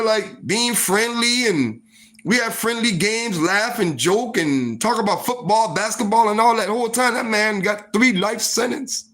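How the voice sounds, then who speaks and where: A man telling a story in a casual monologue, profane and animated, full of fillers like "like" and "you know.". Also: sits high, measured pace. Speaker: storytime vlogger.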